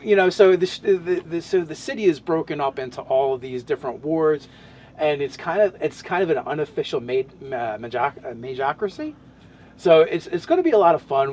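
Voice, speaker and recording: A man's voice: a little high, slight background noise. A man in casual podcast chat, describing his tabletop game character, talking in loose, rambling sentences full of restarts and fillers.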